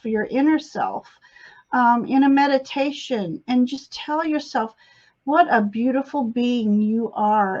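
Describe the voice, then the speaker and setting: A woman doing a live spiritual reading on a webcam, in a gentle, encouraging manner. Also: on the high side, lo-fi sound. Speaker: psychic reader.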